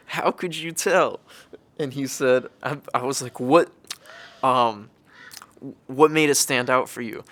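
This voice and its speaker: A young man from California tells a story in easy, loose vlog style. He swears freely and laughs through his lines, and his voice sits at an ordinary middle pitch. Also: a bit bright. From California, United States. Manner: laid-back, profane, laughs often while telling the story. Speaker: vlogger. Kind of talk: casual storytelling.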